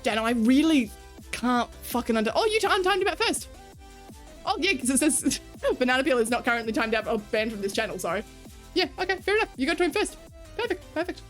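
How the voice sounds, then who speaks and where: A woman with an Australian accent chats frankly with her stream chat, cursing without a second thought and breaking into laughter. Her voice sits a little high. Soft music plays quietly underneath. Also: lively intonation, fast. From rural Australia. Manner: frank, swears freely, laughs often. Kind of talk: casual livestream chat with viewers.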